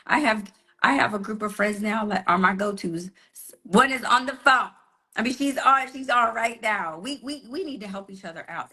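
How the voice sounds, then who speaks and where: A woman business coach giving a motivational live talk, telling stories with animation and talking straight to her listeners. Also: mid-range voice. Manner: animated storytelling, calls listeners "y'all" and "honey". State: slight cold.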